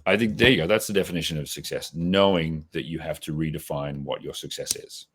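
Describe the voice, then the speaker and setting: A man's voice: very deep voice, fairly quick, slightly rough. A man in his forties with an Australian accent, answering interview questions in a reflective, casual way with many restarts. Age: 40s. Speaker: podcast guest.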